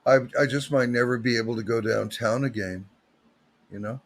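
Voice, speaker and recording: A man's voice: mid-range voice, moderate pace. A man, hosting a livestream with rambling, joking, digressive chat. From Canada. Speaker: livestream host.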